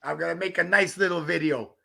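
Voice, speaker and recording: A man's voice: a little high, quick pace, gravelly, bright, forceful tone, slightly rough. A man hosting a livestream outdoors, ranting and mocking a rival with profane jokes and laughter. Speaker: livestream host. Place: outdoors on a walk in the rain.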